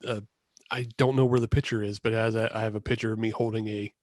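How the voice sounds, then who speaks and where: A man's voice: on the low side, flat delivery, fast, a little mellow, no room sound, clean studio sound. A man co-hosting a podcast, chatting casually over a video call, rambling and correcting himself with frequent laughs. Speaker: podcast co-host. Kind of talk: casual chat.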